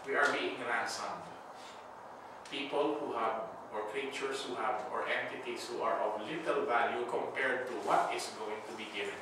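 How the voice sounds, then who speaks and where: A man's voice: medium pitch, steady tone, moderate pace. A man giving a casual Bible school lecture, talking conversationally and checking in with the class with frequent questions. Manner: conversational, asks the class "right?" often, acts out scenarios. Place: church classroom. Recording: echoey room, far mic, background noise.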